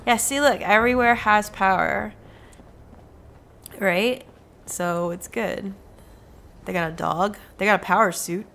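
A woman streaming a video game, chatting casually with viewers, sarcastic and profane, often breaking into loud laughter. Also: mid-range voice, unhurried, vocal fry, long pauses, a little hiss or hum. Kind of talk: casual let's-play commentary.

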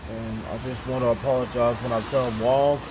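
A man vlogging a casual, rambling apology to camera, halting and repeating himself. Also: mid-range voice, steady tone, noisy background. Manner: repetitive, halting, with restarts.

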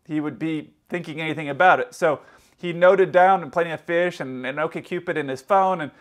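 A man's voice: fairly high pitch, fairly quick. Chatty joking male pilot storyteller. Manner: chatty, joking, rambling anecdotes. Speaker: airline pilot and video host. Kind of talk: casual storytelling to camera.

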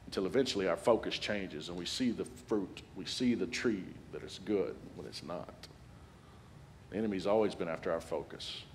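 A man in his forties preaching a sermon as a guest speaker, animated and humorous, building to loud peaks. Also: low voice, moderate pace, slight background noise. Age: 40s.

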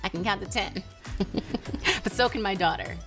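A woman's voice: mid-range voice, quick pace, over loud music. A woman hosting her own show, chatting casually to the camera in a bubbly way and laughing often. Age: adult with a teen daughter and a baby. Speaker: host.

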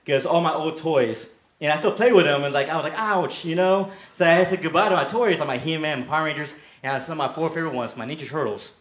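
A young man doing a stand-up comedy set, telling deadpan stories and breaking into brief put-on voices. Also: a little high. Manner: deadpan storytelling with brief shouted character bits. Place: comedy club stage. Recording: echoey club with loud crowd.

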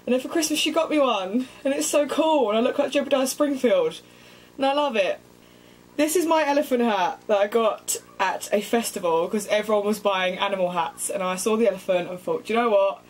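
A woman's voice: a little high, fairly quick, poor audio. A young woman with a cheeky, self-mocking and sweary manner, chatting casually in a comedic vlog. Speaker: vlogger.

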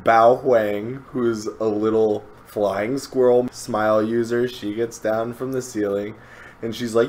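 Animated man co-hosting a podcast. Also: lowish voice, slow. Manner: animated, acts out quotes. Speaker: podcast co-host. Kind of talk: casual chat recapping a comic chapter.

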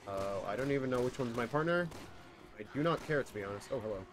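Young male streamer, mid-pitched voice, frantic and exasperated, live play-by-play into a desk mic. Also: expressive, fast talker, noisy background. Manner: exasperated, reactive, talks to chat and partner. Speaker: game streamer. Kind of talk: live gameplay commentary.

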